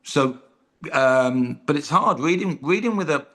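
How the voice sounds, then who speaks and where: A man's voice: fairly high pitch, animated, a little slow, sharp tone. Chatty British man telling stories. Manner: chatty storyteller, self-deprecating jokes, many ums. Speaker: comedian guest. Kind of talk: casual chat.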